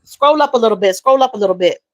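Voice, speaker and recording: A woman chats on a livestream, her voice a little high. She talks openly and emotionally, reading out viewer comments as she goes. The sound is close and dry, as from a phone or webcam. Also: expressive, fast talker, no echo, low-quality recording. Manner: emotional, reads viewer comments aloud, drawls. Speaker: livestream host. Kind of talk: casual live-stream chat.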